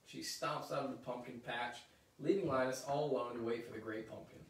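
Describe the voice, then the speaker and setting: A man reading a children's picture book aloud, with lively, chatty asides between passages. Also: mid-range voice, fairly quick. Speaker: story reader. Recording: roomy echo, mic at a distance.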